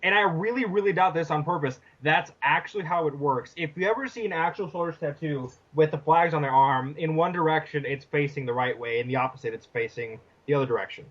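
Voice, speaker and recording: A man's voice: fairly high pitch, fairly quick, few pauses, a bit bright. A young man on a casual podcast, earnestly explaining a point with restarts and fillers. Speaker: podcast co-host. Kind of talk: casual chat. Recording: dull lo-fi podcast mic.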